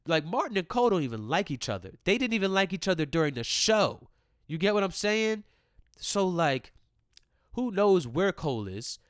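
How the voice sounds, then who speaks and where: A man ranting casually and comedically to his listeners, profane and animated, swinging between loud outbursts and low mumbled asides. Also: moderate pace, smooth, no echo, studio quality.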